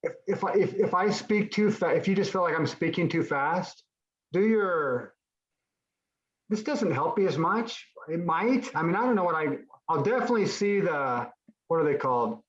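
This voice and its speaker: A man's voice: fairly high pitch, lively intonation, moderate pace, roomy sound, highs cut off. Upbeat man teaching an online class. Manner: encouraging, repeats and restarts while explaining. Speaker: Spanish teacher.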